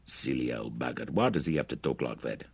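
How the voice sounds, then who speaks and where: A man's voice: a bass voice, lively intonation, brisk, creaky, husky, pitched below the performer's own voice, exaggerated voice. A man voicing a crude soldier who talks in a mocking, drawling way.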